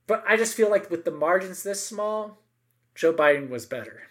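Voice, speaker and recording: A man's voice: high voice, animated, normal speed, fairly bright tone. A middle-aged man co-hosting a podcast, chatting casually and emphatically about politics, with many asides and tag questions.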